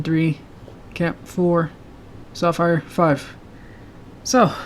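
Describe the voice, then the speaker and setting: Man with a sore throat, hesitant. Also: on the high side. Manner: halting, with filler words and soft laughs. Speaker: animator streamer. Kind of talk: casual live-stream chat. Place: home room with a loud heater. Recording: faint heater hum behind.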